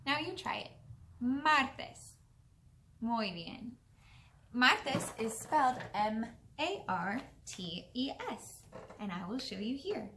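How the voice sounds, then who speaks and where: Young woman teacher, slow and bright, sounds out each word and cheers the kid on. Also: a little high, lively intonation, slight background noise. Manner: slow, encouraging, sounding out words. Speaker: language teacher. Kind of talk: children's language lesson.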